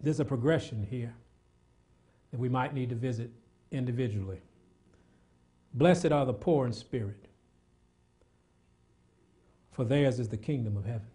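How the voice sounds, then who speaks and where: A man preaching a sermon, moving between loud, fervent exhortation and quiet, prayerful passages, repeating words as he builds up. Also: medium pitch, unhurried, pauses often. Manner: repeats words when worked up.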